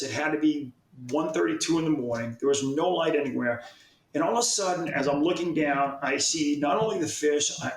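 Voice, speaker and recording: A man with a slightly raised voice tells a fishing story in an easygoing, rambling way, stumbling over and repeating his words as he goes. The sound has a noticeable echo, as if from a bare room. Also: fairly high pitch. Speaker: fishing magazine publisher. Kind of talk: casual storytelling.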